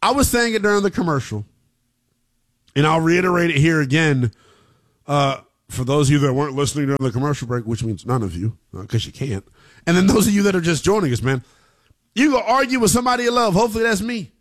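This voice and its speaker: A man hosting a sports talk radio show, emphatic and slangy, with an excitable delivery. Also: on the high side, fast.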